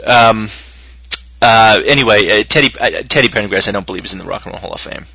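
A man's voice: lowish voice, fast, vocal fry, pushed and bright, no echo, rough recording. A man co-hosting a podcast, rambling and swearing casually and laughing often. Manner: profane, rambling, laughs a lot. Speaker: podcast co-host.

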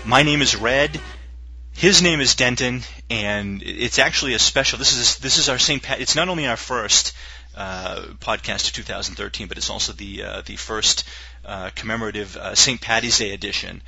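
A man's voice: on the low side, moderate pace, vocal fry, pushed and bright, husky, lo-fi sound. A man hosting a casual sports podcast, rambling and joking with lots of fillers. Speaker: podcast host.

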